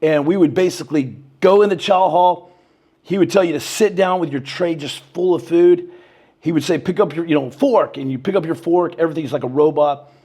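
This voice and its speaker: Here the man, in his thirties, has a fairly high, brisk voice as he guests on a podcast and tells easygoing stories interview-style. He's lively, repeats "bro" and "man" a lot, and acts out quotes by raising his voice.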